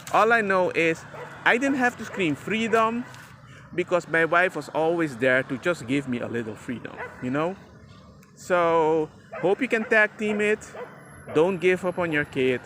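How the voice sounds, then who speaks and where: A man's voice: fairly high pitch, fairly bright tone, a little hiss or hum. A father talking casually to the camera about raising his son, chatty and emphatic, and he calls the viewer bro. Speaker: father sharing parenting advice.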